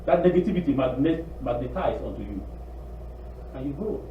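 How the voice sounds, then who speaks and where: A man preaching a sermon in an animated, pleading way, acting out quotes. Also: medium pitch, normal speed, far from the mic, a little hiss or hum. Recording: tinny echoey room recording from afar.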